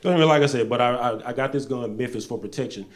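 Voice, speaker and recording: A stand-up comedian from Arkansas, telling loose stories on stage into a handheld mic, jumping between loud bursts and low asides. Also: male voice, fast talker.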